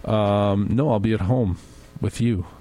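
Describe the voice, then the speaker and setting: A man's voice: lowish voice, unhurried, warm tone. A man hosting a radio show, chatting casually and rambling through upcoming show plugs in an easygoing way. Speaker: radio host. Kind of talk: casual on-air chat.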